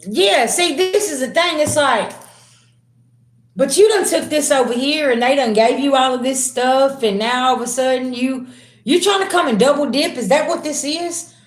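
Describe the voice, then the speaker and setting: A woman reading tarot on a live stream, slangy and chatty, calling her viewers "babies" and swinging from low murmurs to loud, excited bursts. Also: moderate pace. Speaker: tarot reader. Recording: roomy echo.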